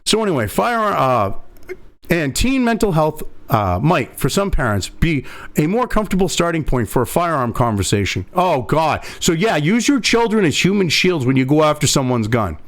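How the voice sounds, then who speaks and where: A man's voice: on the high side, big pitch swings, moderate pace. A male host delivering a profane, angry political commentary rant full of sarcasm. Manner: angry, sarcastic, swears constantly.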